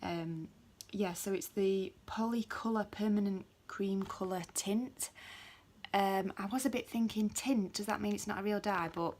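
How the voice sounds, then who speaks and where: A woman's voice: mid-range voice, measured pace, darkish tone, a little hiss or hum. Chatty British woman filming on a phone. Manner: chatty and rambling, many ums, muttered asides. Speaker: beauty vlogger. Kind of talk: casual home vlog. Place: at home indoors. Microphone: phone camera.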